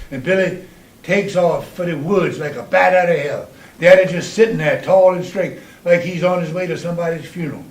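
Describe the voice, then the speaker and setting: An earthy, salty storyteller, a man with a fairly high voice. He tells his story with plenty of drive. He is recorded in a roomy, echoey space from some distance. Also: slight background noise. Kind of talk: spoken-word story monologue.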